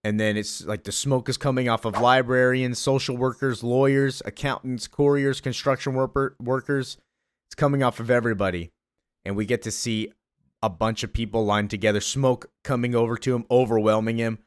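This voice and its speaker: An excited man recapping a comic in a loose, gushing way, full of fillers. His voice sits at an ordinary middle pitch. It is recorded dry and close to the mic. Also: normal speed, clean tone, no echo. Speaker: comic book reviewer. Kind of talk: casual enthusiastic comic recap.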